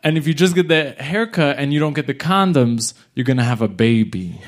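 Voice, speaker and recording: Animated young man telling a story. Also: mid-range voice, fairly quick, slight background noise. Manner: animated, acts out other people's lines. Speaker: comedian telling a live story. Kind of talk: live storytelling.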